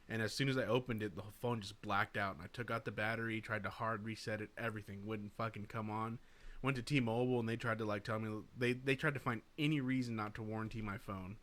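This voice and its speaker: A man's voice: fairly low pitch, a bit bright. A young man co-hosting a podcast, telling a story in a casual, profane way and acting out the voices of other people. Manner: profane, laid-back storyteller acting out quotes. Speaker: podcast co-host.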